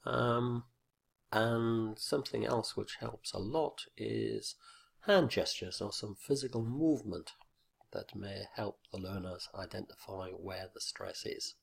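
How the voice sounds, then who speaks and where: A man explaining a teaching point in an instructional video lesson, speaking deliberately with fillers and repeating example words with exaggerated stress. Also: fairly low pitch, vocal fry, husky. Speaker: teacher trainer.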